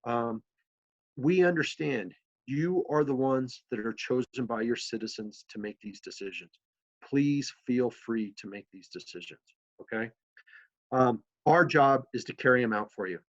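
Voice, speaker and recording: A man who works as a city manager, giving a relaxed, conversational presentation to council members, with fillers as he tells stories. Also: mid-range voice, a little slow, lo-fi sound.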